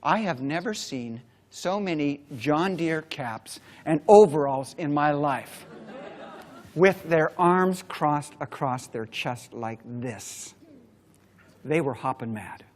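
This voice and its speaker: Animated man telling a keynote story. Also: a little high. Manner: dramatic, animated storyteller with long pauses. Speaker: keynote speaker. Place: stage before a large audience.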